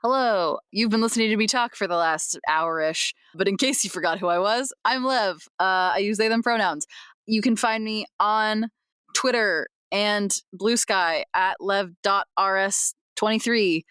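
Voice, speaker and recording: A woman's voice: mid-range voice, unhurried, fairly bright tone, clean tone, dry recording, studio quality. Chatty guest player, woman. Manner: chatty, self-correcting. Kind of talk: casual chat.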